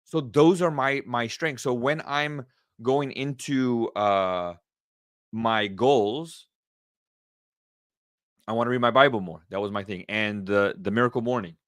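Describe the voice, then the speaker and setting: Casting: middle-aged male podcast host, mid pitch, excitable and repetitive, dry close sound. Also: unhurried, long pauses, dry recording. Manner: energetic, excited, repeats himself. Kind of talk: casual solo podcast talk.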